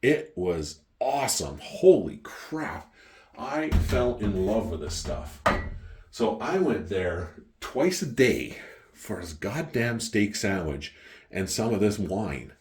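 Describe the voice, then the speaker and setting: A middle-aged man from Canada with a Canadian accent, telling a story in a casual, profane, animated way. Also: lowish voice, slow pace, a little hiss or hum. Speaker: wine collector vlogger.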